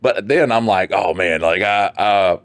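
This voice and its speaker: A lower-pitched man tells animated stories on a podcast, acting out the people in them and laughing along the way. The sound is close and dry, with no room behind him. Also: a little slow, clear, resonant tone, no echo. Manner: animated storytelling with quoted voices and laughs. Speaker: podcast co-host. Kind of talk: casual chat.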